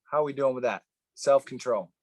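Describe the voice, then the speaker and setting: A man's voice: mid-range voice, brisk, no room sound. A middle-aged man leading a Bible study, preaching informally in a fervent, conversational way and often repeating himself. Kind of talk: informal sermon.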